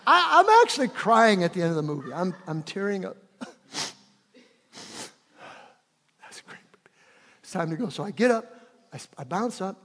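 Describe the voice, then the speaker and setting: A man preaching a sermon, shifting from loud, impassioned peaks to hushed, prayerful passages. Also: sits high, sing-song, fast talker. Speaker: pastor. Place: church sanctuary. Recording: long reverb of a large hall.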